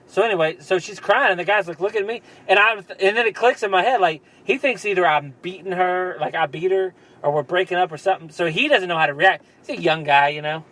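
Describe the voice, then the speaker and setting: A young man with a noticeably high voice tells a long, rambling story to a friend. He chuckles often and slips into quick impressions of what people said. It's loose, casual podcast chat. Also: fairly bright tone, low-quality recording. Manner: rambling, laughs often, acts out quotes. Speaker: podcast co-host.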